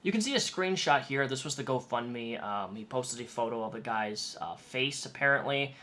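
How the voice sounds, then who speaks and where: A man's voice: mid-range voice, expressive, normal speed, sharp tone. A man narrating a commentary video in a conversational, pointed tone with light sarcasm. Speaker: YouTube commentator.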